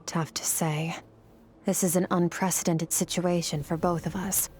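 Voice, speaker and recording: A woman voicing a cool, stern female sword master in a video game, speaking in a calm, measured, matter-of-fact way. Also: lowish voice, slightly rough. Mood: composed. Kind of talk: game voice acting.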